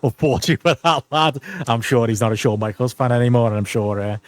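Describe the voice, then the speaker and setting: A man's voice: mid-range voice, quick pace, no echo. A man, a podcast co-host, talking in a loose chatty way with many fillers and laughs. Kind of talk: casual podcast review chat.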